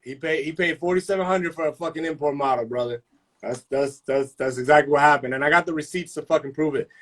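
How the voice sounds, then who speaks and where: Fairly high-voiced man hosting a live-stream chat, swearing constantly through loose, slangy stories. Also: quick pace. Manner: profane, animated storytelling with slang.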